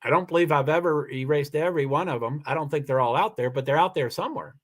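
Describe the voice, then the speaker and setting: A man hosting his own livestream, reading viewer comments aloud in casual talk, halting with many restarts and turning firm and insistent. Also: a little high, fairly bright tone. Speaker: livestream host.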